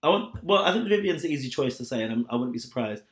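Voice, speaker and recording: A man co-hosting a podcast in casual chat, talking quickly and laughing often. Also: medium pitch, animated. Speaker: podcast co-host.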